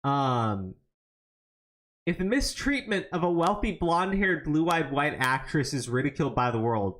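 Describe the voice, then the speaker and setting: A man's voice: on the high side, unhurried. A man riffing on a livestream, his voice rising and falling in wide swings. He stammers through restarts and swears freely as he reacts. It sounds like a desk mic on a stream. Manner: animated, profane, stammering restarts. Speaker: podcast co-host. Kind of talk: casual livestream commentary.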